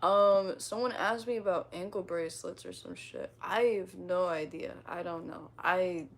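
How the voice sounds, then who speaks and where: A woman's voice: on the low side, steady tone, moderate pace, vocal fry. A woman livestreaming who reads viewers' comments aloud, laughing often, swearing freely and rambling to excuse herself. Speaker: livestreamer reading chat comments. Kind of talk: casual livestream chat.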